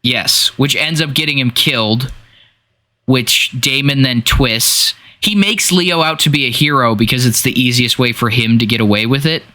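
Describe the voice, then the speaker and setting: A man co-hosting a casual movie podcast, animated, swearing freely and acting out scenes. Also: mid-range voice, moderate pace. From Washington State. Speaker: podcast co-host.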